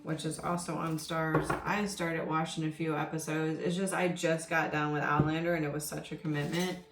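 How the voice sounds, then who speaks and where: A woman's voice: low voice, flat delivery, moderate pace, very noisy. A woman tarot reader talking casually and rambling, with many ums and you-knows. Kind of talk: casual spoken tarot reading. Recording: roomy echo with faint music underneath. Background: faint background music.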